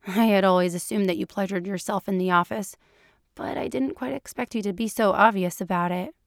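A composed female doctor and agent, voiced by a woman reader. She speaks calmly and dryly at a middle pitch. The recording is close and dry. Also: fairly quick, creaky, no room sound, close to an everyday voice.

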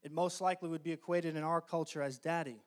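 A male pastor preaching a sermon in an earnest, emphatic way, often slowing down to stress key phrases. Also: on the high side, steady tone.

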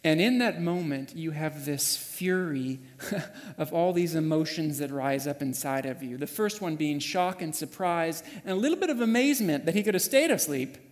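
A man preaching a sermon, telling a story vividly and swinging from hushed passages to loud, urgent ones. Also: a little high, expressive, moderate pace, big-room sound. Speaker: pastor. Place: church sanctuary.

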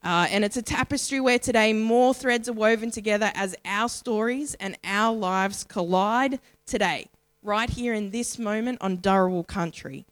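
An Australian woman speaking at a church in a sermon style, building long rhythmic lists with measured pauses. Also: medium pitch, no room sound. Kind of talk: sermon-style spoken reflection.

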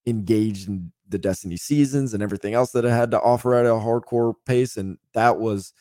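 Lowish man chatting on a podcast. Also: fairly quick, darkish tone, no echo, clean studio sound. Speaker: podcast co-host. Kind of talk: casual chat.

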